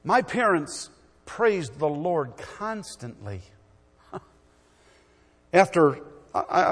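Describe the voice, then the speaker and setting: A middle-aged man preaching a sermon in a church, swinging from loud exhortation to quiet storytelling. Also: fairly high pitch, big-room sound.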